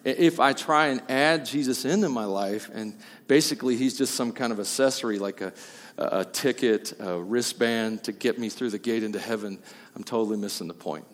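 A pastor delivers a sermon in a reverberant church hall, emphatic and swinging between loud and quiet, with jokey asides. His voice sits at medium pitch and a moderate pace.

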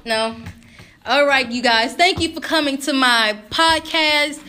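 A young adult woman hosting a casual podcast chat with friends, upbeat and quick to giggle. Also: high voice, sharp tone. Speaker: podcast host. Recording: noisy amateur podcast recording.

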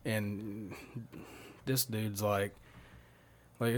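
A man's voice: lowish voice, fairly even intonation, takes it slowly, long pauses. A young man telling a long, rambling, profanity-laced story to friends on a casual podcast. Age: young adult. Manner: profane, rambling anecdote with quoted dialogue. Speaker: podcast host.

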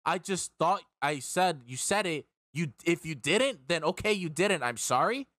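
A young man tells a story in a rambling, heated, profane way, stumbling over and repeating words. His voice sits a little high for a man. The sound is dry and close, with almost no room around it. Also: lively intonation, normal speed, fairly bright tone, dry recording. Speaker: streamer and podcast host. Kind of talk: casual storytelling chat.

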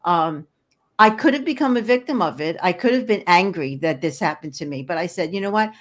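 Earnest older woman, lower voice. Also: lively intonation, fairly quick. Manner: earnest, repeats words as she searches for them. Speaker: guest, energy healer. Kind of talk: casual interview talk.

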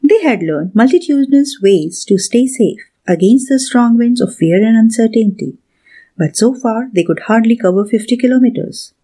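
A woman narrating a scripted story in a measured, steady reading. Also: fairly high pitch, husky.

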